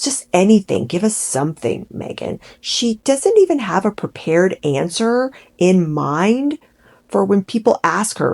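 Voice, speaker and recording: Woman vlogger, sarcastic commentary, exasperated, animated, mid-pitched voice. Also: moderate pace, creaky. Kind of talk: opinionated commentary.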